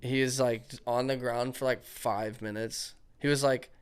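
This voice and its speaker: A young man co-hosting a podcast in a basement, telling lively stories in casual chat. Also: medium pitch, measured pace, clean tone. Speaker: podcast co-host. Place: unfinished basement.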